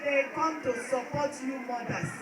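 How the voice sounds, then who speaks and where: A woman's voice: sits high, steady tone, moderate pace. A woman with a Nigerian accent giving an emphatic, pleading speech to protesters, mixing in pidgin. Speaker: official addressing protesters. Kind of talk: rally speech. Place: outdoor rally. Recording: echoey distant crowd recording. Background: loud crowd noise.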